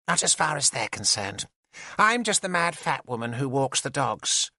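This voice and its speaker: A man's voice: medium pitch, big pitch swings, normal speed, pushed and bright, dry recording, clean studio sound, pitched above the performer's own voice, heavily acted. A male audiobook narrator voicing an odd, plump middle-aged woman who talks in a singsong, childlike way and giggles. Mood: teasing. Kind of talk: audiobook character voice.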